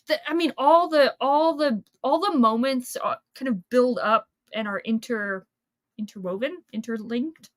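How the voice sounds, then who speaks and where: A woman's voice: high-pitched, a bit bright, no echo, clean studio sound. A woman hosting a casual book chat over a video call, rambling and chatty with lots of fillers. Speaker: book channel host.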